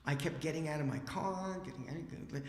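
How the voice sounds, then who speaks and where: A man telling a story on stage at a library event, lively and casual, acting out the dialogue. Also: on the high side, moderate pace. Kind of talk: animated live storytelling. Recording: roomy hall with long reverb.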